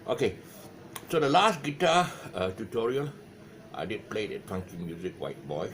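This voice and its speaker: A man with a Malaysian English accent, talking his way through a guitar lesson in loose, rambling chat full of "uh"s and restarts. His fairly low voice rises and falls a lot. Clear background noise sits under the recording. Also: expressive, moderate pace, poor audio. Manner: rambling, hesitant, many fillers and restarts. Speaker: guitar teacher. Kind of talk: casual video lesson talk. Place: his music shop.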